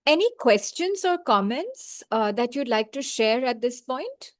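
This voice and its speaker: A woman's voice: fairly high pitch, very animated. A woman training librarians in an online webinar, speaking patiently and sounding out words syllable by syllable. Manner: slow, patient, clapping out syllables.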